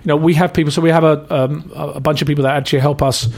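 A man's voice: fairly high pitch, steady tone, rapid-fire, darkish tone. A middle-aged man from England, a charity founder and actor, talking in a casual interview with many restarts and fillers.

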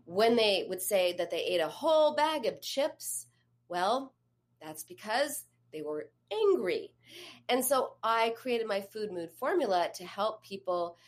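A woman's voice: mid-range voice, big pitch swings, a little slow. A woman therapist and coach giving an advice talk, speaking conversationally and putting questions straight to the listener. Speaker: eating disorder therapist and coach.

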